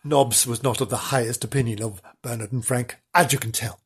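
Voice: medium pitch, steady tone, brisk, husky. A podcast storyteller reading a children's story with playful, sarcastic ad-libbed asides.

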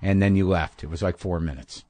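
A man with a fairly low voice runs a casual interview chat, speaking in a loose, self-deprecating way with quick asides. The sound is close and dry, with no room around it. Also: warm tone, no room sound. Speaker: podcast host.

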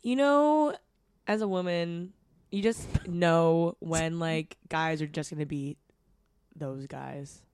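A woman's voice: low voice, slow pace, clear, resonant tone, no room sound, studio quality. A woman co-hosting a podcast, telling a story in casual chat and mimicking the people in it. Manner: animated storyteller, mimics people in her anecdotes. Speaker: podcast co-host.

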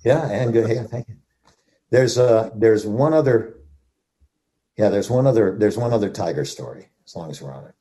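A man's voice: lowish voice, animated, moderate pace, mellow. An older man, an actor and interview guest, telling stories vividly, acting out moments and repeating phrases for effect. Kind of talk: animated anecdote telling.

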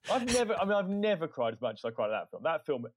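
A comedy writer chatting as a podcast guest, his voice sitting a touch high and swinging widely as he tells stories. He is animated and quick to restart his sentences. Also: slight background noise. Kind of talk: casual remote podcast chat.

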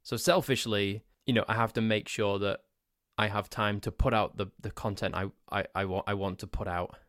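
A man's voice: lowish voice, steady tone, moderate pace, fairly bright tone, dry recording, clean studio sound. A man hosting a solo podcast, telling a story in a rambling, self-mocking way. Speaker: podcast host.

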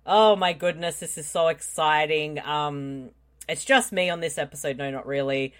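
A woman hosting a live podcast, chatting casually and playfully, often trailing off quietly. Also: deep voice, moderate pace. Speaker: podcast host.

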